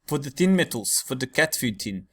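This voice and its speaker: A man's voice: mid-range voice, very animated, normal speed, a bit bright, breathy edge. A man teaching a class in a casual, digressive lecture full of fillers and asides.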